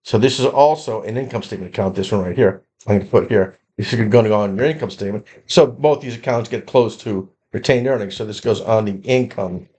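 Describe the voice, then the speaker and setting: A man's voice: on the low side, a little fast, hardly any pauses, warm tone, slightly rough. Casual man talking through a spreadsheet lesson. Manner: conversational, repeats and restarts while working through a spreadsheet. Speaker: accounting instructor. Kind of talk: screen-recorded lecture walkthrough.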